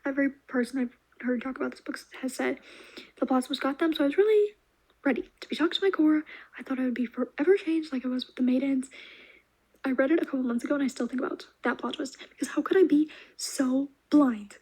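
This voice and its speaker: A young woman chatting through her monthly reads in a quick, high voice. Her tone is soft and mellow with a breathy edge. She gushes with animated enthusiasm and slips into quiet asides. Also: poor audio. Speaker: book reviewer. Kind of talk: casual reading wrap-up vlog.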